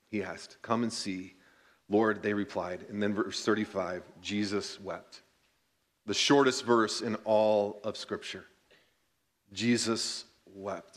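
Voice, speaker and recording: A pastor reading scripture aloud in church and reflecting on it in an earnest sermon, slowing down to stress key points. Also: male voice, mid-range voice. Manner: earnest, reads scripture then reflects, slows for emphasis.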